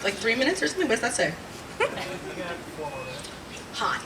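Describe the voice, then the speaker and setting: A woman in her twenties or thirties doing a stand-up comedy set, rambling and animated, swearing and laughing at her own jokes. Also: a little high, normal speed. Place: small live comedy venue. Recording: distant mic with audible room noise.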